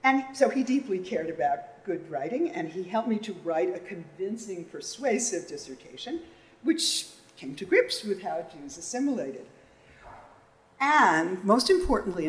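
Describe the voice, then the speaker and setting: A middle-aged woman giving an anecdotal memorial tribute on a conference panel, laughing often. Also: lowish voice. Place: lecture hall. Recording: echoey hall, faint room noise.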